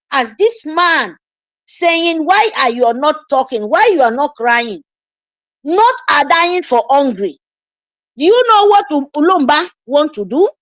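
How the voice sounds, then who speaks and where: A woman's voice: very high-pitched, fairly bright tone, no echo. A woman with a Nigerian accent giving an impassioned political address, repeating her points with urgent pleading. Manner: emphatic, repetitive, urgent pleading. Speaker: activist commentator.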